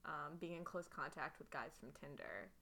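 A woman's voice: sits low, normal speed, vocal fry, sharp tone. A woman with a lisp, co-hosting a casual podcast chat and telling dating stories with lots of fillers. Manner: chatty storytelling with many fillers. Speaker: podcast co-host.

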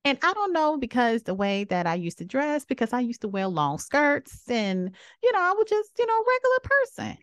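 A woman in her thirties hosting a podcast, giving outspoken, sassy opinions in a casual way, with sudden jumps from low murmurs to high exclamations. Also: huge pitch swings, normal speed, hardly any pauses, a bit bright, dry recording, studio quality. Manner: sassy, outspoken, preachy asides. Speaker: podcast host.

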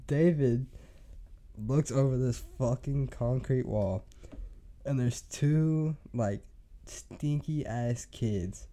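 A man's voice: mid-range voice, drawn-out words, pauses often, mellow. A young man telling a rambling, profane story on a podcast, laughing often. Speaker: podcast host. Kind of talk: casual storytelling.

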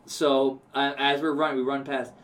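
A man's voice: mid-range voice, normal speed, a little hiss or hum. A man from New York tells a rambling story, acting out every line of dialogue with lots of energy. His voice sits in the middle range and sounds a bit far from the mic. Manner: animated storyteller acting out quotes, laughing. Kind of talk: casual storytelling chat. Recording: distant from the mic.

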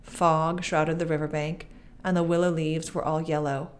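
A woman narrating a fairy tale aloud in a measured, expressive reading. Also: low voice. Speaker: podcast guest reading aloud. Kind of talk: storybook narration.

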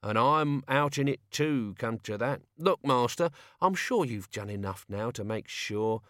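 A man voicing a grumpy old male servant who frets and complains in rough everyday speech. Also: medium pitch, expressive, a little slow, fairly bright tone, no room sound, clean studio sound. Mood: complaining.

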